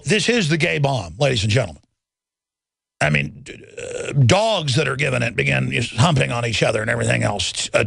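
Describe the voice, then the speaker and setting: Gravelly, combative radio talk host. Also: male voice, fairly high pitch, a bit bright, dry recording. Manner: combative, mocking, swerves into sneering impressions of critics. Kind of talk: rambling political radio monologue. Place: radio studio.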